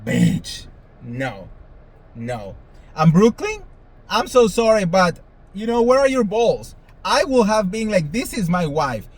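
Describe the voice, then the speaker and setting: A man's voice: sits high, wildly swooping pitch, slow, darkish tone, rough recording. A man hosting a celebrity gossip show, talking casually in a sassy, dramatic way and swearing freely. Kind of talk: casual commentary monologue.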